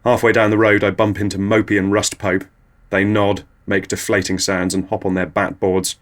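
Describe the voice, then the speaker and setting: A man's voice: on the low side, flat delivery, normal speed. A man, host of a comedy show, telling absurd surreal stories in a dry, matter-of-fact way. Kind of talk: absurdist comic monologue.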